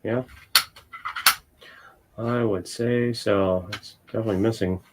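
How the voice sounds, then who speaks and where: A man's voice: lowish voice, steady tone, slow pace, heavy background noise. A man from Ohio hosting a casual livestream while hunting through coin rolls, blunt and joking in his crude banter. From Ohio, USA. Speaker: livestream host.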